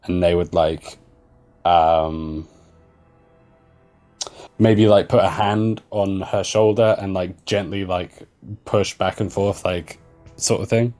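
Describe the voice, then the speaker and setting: A man's voice: low-pitched, steady tone, slow pace, long pauses, a little mellow, faint music behind. A man playing a tabletop role-playing game, describing his character's actions hesitantly with lots of fillers. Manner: hesitant, many fillers and restarts. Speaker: player.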